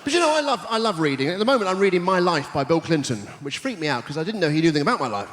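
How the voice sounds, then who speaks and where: High, lively man firing off one-liners. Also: big-room sound, heavy background noise. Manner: rapid-fire punning one-liners, deadpan setups. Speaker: stand-up comedian. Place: large theatre stage before a live audience.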